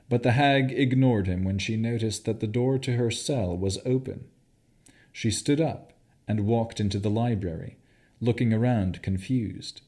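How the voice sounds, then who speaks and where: A man narrating a fantasy audiobook in a measured, expressive way. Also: on the low side.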